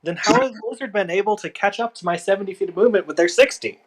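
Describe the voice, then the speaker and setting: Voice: mid-range voice, fast. A player in a tabletop game who asks questions about the rules and rambles with fillers.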